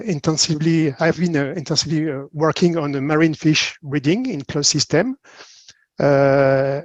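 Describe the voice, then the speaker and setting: A man with a French accent, a marine biologist giving an online conference talk in halting English with many fillers. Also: a little high, no echo. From France. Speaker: presenter. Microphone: video call. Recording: dull lo-fi video call audio.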